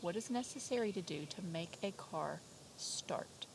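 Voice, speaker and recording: A young woman teaching vocabulary to kindergarteners from home, slow and clear with a sing-song, drawn-out delivery. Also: lowish voice, lively intonation, noisy background. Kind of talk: remote vocabulary lesson for young children.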